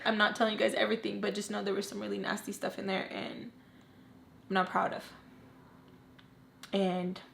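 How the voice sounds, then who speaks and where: A woman telling a personal storytime, candid and blunt, swearing freely and dropping low and quiet at emotional moments. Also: vocal fry, a little hiss or hum. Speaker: storytime vlogger. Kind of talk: casual storytelling.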